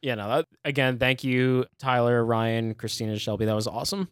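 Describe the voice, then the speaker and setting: A man's voice: mid-range voice, steady tone, fairly quick, smooth, no room sound, clean studio sound. A man co-hosting a movie podcast in casual chat, talking in a chatty way full of fillers and laughing easily. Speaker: podcast co-host.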